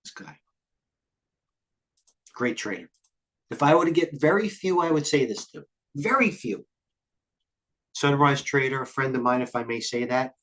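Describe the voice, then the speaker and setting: A middle-aged man with a medium-pitched, slightly bright voice runs a live market commentary stream. He wanders from tangent to tangent, thinks fast, speaks bluntly, and swears occasionally.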